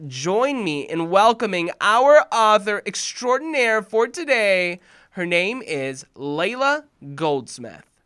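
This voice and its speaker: A man hosts a children's story hour with theatrical flair. He drops to whispers, then rises to loud calls, recorded close and dry with no room sound. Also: sits high, smooth, dry recording. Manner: dramatic, swings between whispers and loud cries. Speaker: host and storyteller.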